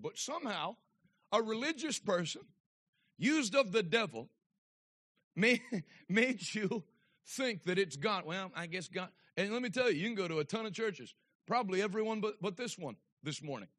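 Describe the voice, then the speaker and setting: A male evangelist preaching a sermon in a church, swinging between loud, emphatic preaching and quiet, chatty storytelling. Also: high voice. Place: church sanctuary.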